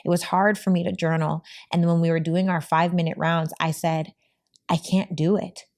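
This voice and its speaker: A woman's voice: fairly low pitch, level tone, fairly quick, a little mellow. A woman hosting a podcast, talking openly and emotionally with frequent restarts. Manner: open and emotional, with many restarts. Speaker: podcast host. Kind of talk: candid podcast conversation.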